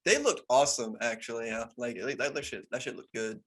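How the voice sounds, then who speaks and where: A man's voice: mid-range voice, fairly quick, a bit bright, breathy edge. A man co-hosting a podcast, chatting casually about a movie in an easygoing, agreeable way, with stammered restarts. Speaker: podcast co-host. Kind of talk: casual movie review chat.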